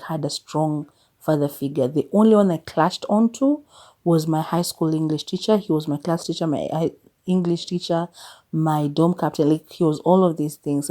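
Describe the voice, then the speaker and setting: A Kenyan woman in her thirties reflects on her life in a podcast monologue. Her voice sits a little low and sounds warm and soft rather than bright. She speaks candidly, mixing in Swahili phrases, and now and then pushes her point with exasperated emphasis. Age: 30s. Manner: mixes English with Swahili phrases. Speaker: podcast host.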